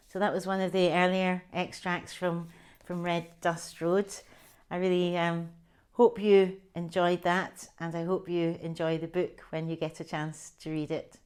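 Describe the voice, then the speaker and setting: A woman in her sixties, an author introducing and reading from her memoir in a gentle, reflective way. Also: lowish voice, little pitch movement, a little slow. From Scotland. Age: 60s.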